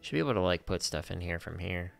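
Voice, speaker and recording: A man's voice: sits low, quick pace, creaky, faint music behind. A man streaming a farming game, chatting casually and muttering to himself as he plays. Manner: relaxed, talks to himself while playing. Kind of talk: casual gaming stream chat.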